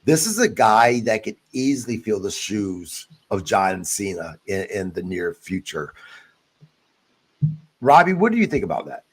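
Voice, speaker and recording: Animated, blunt podcast host man. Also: on the low side, unhurried, slightly rough. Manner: animated, blunt, swears freely. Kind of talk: casual wrestling podcast chat.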